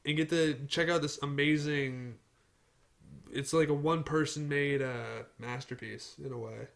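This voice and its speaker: A man's voice: fairly high pitch, fairly even intonation, measured pace, gravelly, a bit bright. A young man hosting a casual podcast, telling rambling stories and teasing his friends. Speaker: podcast host. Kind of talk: casual chat.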